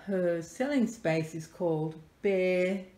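A woman unboxing a parcel on camera as a doll collector vlogger, gushing and softly delighted, often dropping to breathy whispers. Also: fairly low pitch, slow pace. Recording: echoey room with faint noise.

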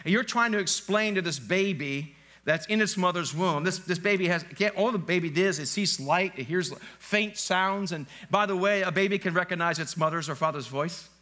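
A man with a high, bright voice preaching to his congregation in a church. He talks in a loose, conversational way, mixes in jokes and keeps checking that the crowd is following him. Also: normal speed. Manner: conversational, joking, quizzes the congregation. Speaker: pastor. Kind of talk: sermon. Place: church sanctuary, live service.

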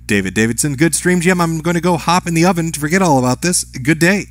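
Fast and animated, a man with a voice on the high side works through his live stream chat, reading out names and messages. His replies are brief and casual, and the audio has no echo.

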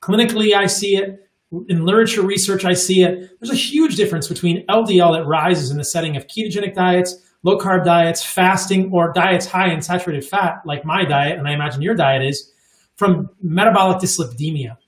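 A man's voice: high-pitched, brisk, echoey room. A man in his forties, a podcast guest, talking emphatically and repeating words for stress. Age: 40s. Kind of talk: casual chat.

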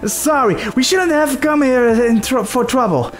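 A man's voice: extremely high pitch, lively intonation, moderate pace, a bit bright, faint music behind, voice pushed up. A man voicing a scared male street thug with an exaggerated New York accent, stammering and begging. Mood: pleading.

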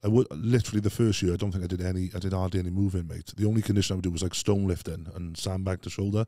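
A strongman athlete appears as a podcast guest in a casual interview, talking quickly in a very low, dark, mellow voice. He rambles through animated, lively stories and keeps calling the host "mate." The recording is close and dry.

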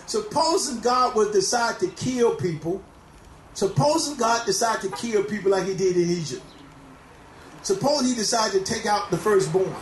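A man preaching a sermon in a church, calling out hallelujahs and rising into shouts. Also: high-pitched, a little hiss or hum. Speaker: pastor. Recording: echoey church room.

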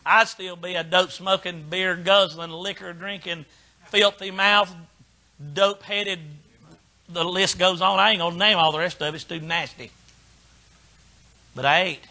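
Older man, baptist preacher, fiery sermon, very high pitch, bright edge. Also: fairly even intonation, moderate pace, pauses often. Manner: folksy, preaches in short punchy bursts that swing from quiet to shouting.

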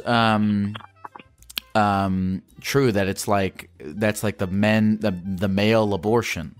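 Rambling low-voiced man hosting calls. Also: slow, clear, resonant tone, faint music behind. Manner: rambling, self-mocking, jumps pitch when excited. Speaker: podcast host taking calls. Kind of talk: casual call-in chat.

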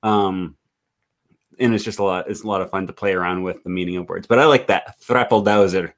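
A young man from Wisconsin hosts a relaxed interview. He talks in an easygoing way, with plenty of fillers. His voice sits fairly low. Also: brisk. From Wisconsin, USA. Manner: easygoing, many fillers and laughs. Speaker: host, language YouTuber. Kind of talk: casual interview.

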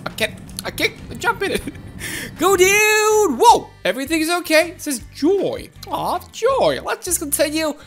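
A woman with a very high voice narrates her game run in a playful, excitable way. She giggles often and talks straight to her viewers. Soft music plays faintly underneath. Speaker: gameplay commentator.

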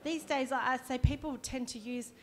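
A woman's voice: high-pitched, steady tone, normal speed, darkish tone, a little hiss or hum. A woman, a counsellor giving a conversational workshop talk and demonstrating as she explains. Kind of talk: live presentation to an audience.

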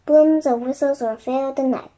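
A woman reading a children's chapter book aloud in soft, quiet narration. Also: high-pitched, steady tone, moderate pace, poor audio. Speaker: storybook reader.

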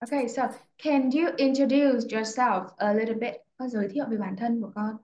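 A woman English teacher with a Vietnamese accent, slowly and patiently questioning a young pupil in a speaking test. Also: a little high, steady tone, darkish tone, slight background noise. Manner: slow, patient questioning, repeating prompts. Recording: echoey, dull lo-fi room sound.

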